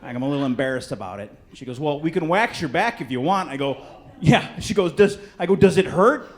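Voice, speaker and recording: A Chicago man works the crowd during a stand-up set on a club stage, speaking into a handheld stage mic. His voice is a little high, expressive and a little fast, with a brash, punchy delivery full of swearing.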